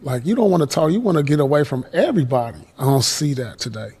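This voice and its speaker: A man's voice: on the high side, lively intonation, fast, a little mellow, slightly rough. A man talking about sports in a reflective, slangy way, leaning on phrases like "you know what I'm saying.". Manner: reflective, slangy, full of fillers. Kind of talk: podcast sports talk.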